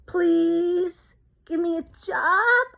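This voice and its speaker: A woman voicing a desperate young woman who begs for help in a tearful, high pleading wail. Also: extremely slow, vocal fry, full character voice. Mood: sobbing plea.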